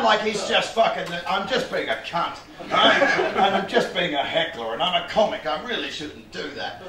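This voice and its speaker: A man's voice: high-pitched, reverberant, recorded from a distance. A man telling a stand-up story, swearing, mocking himself and laughing along. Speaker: stand-up comedian.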